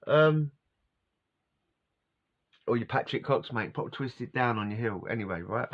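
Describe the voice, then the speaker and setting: A man's voice: on the low side, lively intonation, brisk, fairly bright tone. A man telling a story in a rambling, slangy way, often chuckling as he talks. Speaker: vlogger telling a life story. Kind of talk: casual storytelling monologue. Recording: dull lo-fi sound.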